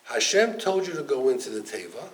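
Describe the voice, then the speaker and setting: A man voicing a stubborn, argumentative male raven that insists loudly on its own way. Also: mid-range voice, very animated, fairly quick, a little hiss or hum, natural voice, rough recording. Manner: insistent, loud and defiant.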